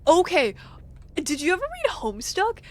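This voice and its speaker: A woman's voice: extremely high pitch, wildly swooping pitch, normal speed. A young woman streaming a game, chatting casually with her viewers, giggly, teasing and swearing freely. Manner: giggly, profane, teasing toward chat. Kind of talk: casual chat over gameplay.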